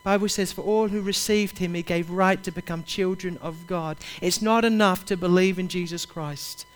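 A man's voice: high-pitched, fairly even intonation, normal speed. A man preaching a sermon, urging his listeners directly and repeating his key phrases with passion. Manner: impassioned, repetitive, urges listeners directly.

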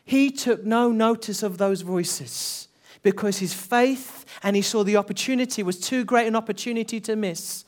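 A man preaching a Pentecostal sermon to his church, earnest, swinging between hushed passages and loud, building calls, and often repeating himself as he restarts. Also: sits high, expressive, unhurried.

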